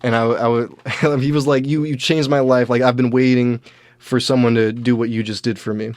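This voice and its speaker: A man's voice: medium pitch, normal speed, no echo. Rambling young man telling a story. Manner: rambling, animated storytelling with frequent restarts. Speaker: podcast host. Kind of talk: casual storytelling monologue.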